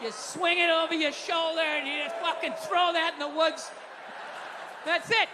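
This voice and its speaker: A man in his fifties doing stand-up, his voice pitched very high as he rants with a profane, chatty delivery and punches lines out in shouts. The sound is a live stage mic with a long reverb tail in the venue. Audience laughter and room noise sit clearly behind him. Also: little pitch movement, moderate pace, a crowd in the background. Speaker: stand-up comedian. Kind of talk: stand-up comedy rant.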